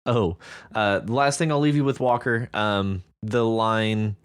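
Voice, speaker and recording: A man's voice: lowish voice, unhurried, clear, resonant tone, dry recording, studio quality. A man co-hosting a podcast, chatting with enthusiasm about reader stories and laughing easily. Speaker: podcast co-host.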